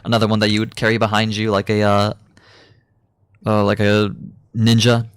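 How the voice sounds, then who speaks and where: A man's voice: on the low side, monotone, moderate pace, clear, resonant tone, no room sound. A young adult man giving a casual, rambling gaming commentary, swearing freely and filling his talk with ums and uhs. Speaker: gaming YouTuber.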